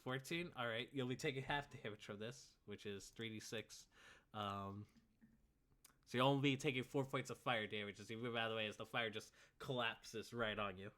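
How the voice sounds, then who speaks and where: A man's voice: mid-range voice, normal speed, bright, forceful tone. A man narrating as game master of a tabletop game, laid-back and full of fillers.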